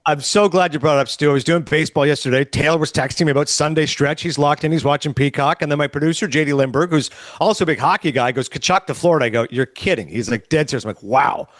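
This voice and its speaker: A man's voice: a little high, fast, hardly any pauses, dry recording. A man co-hosting a sports radio show in casual chat, telling stories and acting out conversations. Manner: animated storyteller acting out conversations.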